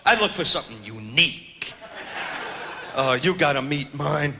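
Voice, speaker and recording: A man doing a stand-up comedy routine, with a brash, swaggering and crude delivery and shouted punchlines. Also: on the high side, lively intonation, a little slow. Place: comedy stage before a live audience. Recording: live club show with loud crowd laughter. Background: crowd laughing and noise.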